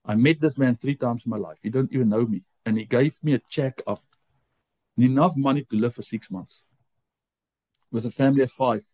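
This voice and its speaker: Man preaching a lively personal testimony. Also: moderate pace, dry recording. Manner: animated storytelling, jumps high when quoting his own complaints. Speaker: pastor. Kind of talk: sermon testimony. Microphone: close mic.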